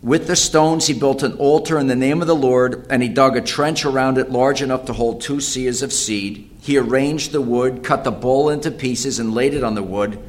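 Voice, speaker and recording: A man's voice: medium pitch, moderate pace, hardly any pauses. Dramatic male preacher reading scripture. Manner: dramatic, rising to loud cries when quoting prayers; repeats and restarts phrases. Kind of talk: sermon reading and expounding scripture.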